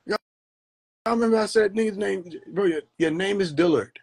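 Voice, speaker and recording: A man hosting a casual livestream, talking in an animated, preachy way and mocking people with laughs. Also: sits high, brisk, gravelly. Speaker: livestream host. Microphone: phone.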